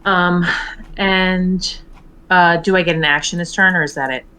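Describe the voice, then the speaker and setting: A woman playing a tabletop game online, hesitant and filling pauses with ums. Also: fairly low pitch, steady tone, pushed and bright, clean tone. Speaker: player.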